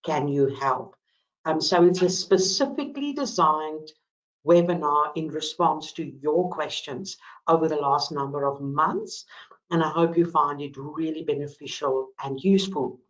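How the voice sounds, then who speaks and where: A woman with a South African accent presents a business webinar with enthusiasm, often pausing on "um". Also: low-pitched, dull audio. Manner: enthusiastic, frequent ums. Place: Melbourne.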